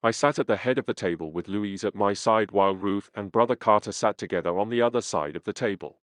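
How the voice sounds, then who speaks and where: A man reading a first-person memoir aloud as an audiobook narrator, in a measured, earnest way. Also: fairly low pitch, dry recording, studio quality. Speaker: audiobook reader.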